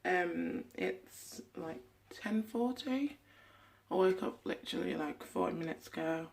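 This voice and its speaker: Slow, chatty young woman. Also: lowish voice, gravelly. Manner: chatty, rambling with fillers. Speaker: vlogger. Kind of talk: casual vlog chat. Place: indoors at home. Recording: music playing behind.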